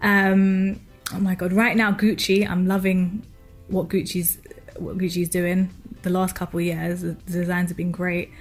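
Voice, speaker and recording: A woman's voice: on the low side, little pitch movement, measured pace, faint music behind. A woman chatting as a radio guest, bubbly and laughing often between her words. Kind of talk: casual chat.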